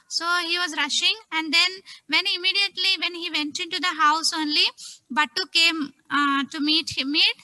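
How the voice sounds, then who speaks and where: A woman tells a Sunday school story to children, stopping to ask them questions. Her voice is high and very bright and piercing. The sound is close and dry, with no room echo. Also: moderate pace. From India. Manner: animated, asks children questions.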